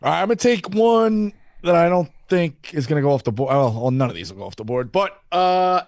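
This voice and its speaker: Guy rambling on a podcast, kinda high voice, swears a lot, dead dry sound. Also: lively intonation, a little fast, a little mellow, dry recording. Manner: rambling, swearing, laughing storyteller. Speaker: podcast co-host. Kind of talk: casual chat.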